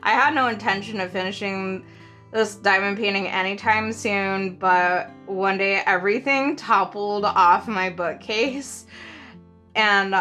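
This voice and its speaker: A woman's voice: medium pitch, unhurried, pushed and bright, soft background music. A woman hosting a crafting channel, chatting casually and rambling with lots of fillers and frequent giggles. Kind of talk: casual show-and-tell chat.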